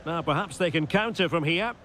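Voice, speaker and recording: Male play-by-play caller for a football game: high, bright voice, clipped calls that rise when chances come. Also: brisk, slight background noise. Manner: terse calls that swell into excited shouts on goals. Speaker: play-by-play commentator. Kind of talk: football video game commentary.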